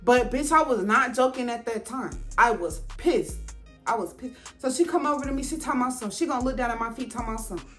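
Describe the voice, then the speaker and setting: A woman telling a personal story to her viewers in a casual, animated and profane way, speaking to them directly. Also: on the high side, fast, soft background music.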